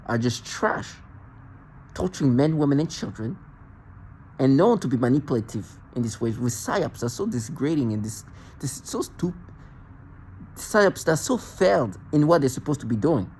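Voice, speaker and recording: A man speaking to the camera in an agitated monologue, halting and repeating words as he restarts sentences. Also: mid-range voice, expressive, a little mellow, a little hiss or hum, poor audio. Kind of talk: self-recorded monologue rant.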